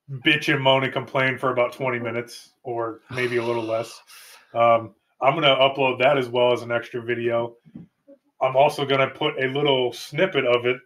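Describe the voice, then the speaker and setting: A man's voice: medium pitch, fairly bright tone. Easygoing man hosting a sports chat. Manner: easygoing, hesitant, uses fillers. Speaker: host.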